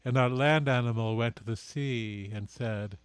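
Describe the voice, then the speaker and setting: A man speaking as a guest, slow and reflective, his words measured and unhurried. His voice is smooth and resonant, recorded dry and close. He is recovering from surgery. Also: mid-range voice, no echo. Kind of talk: reflective spiritual talk.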